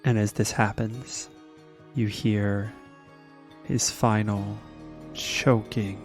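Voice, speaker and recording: A man running a tabletop game as game master, narrating the scene in a calm, measured way. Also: on the low side, faint music behind.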